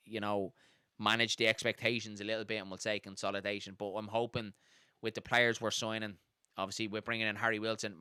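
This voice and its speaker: An Irish man hosting a live football watchalong, chatting casually and reading out viewer comments at a fast, excited clip. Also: on the low side, smooth, no echo, studio quality. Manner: fast-talking, gets excited and carried away. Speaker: host of a football watchalong stream.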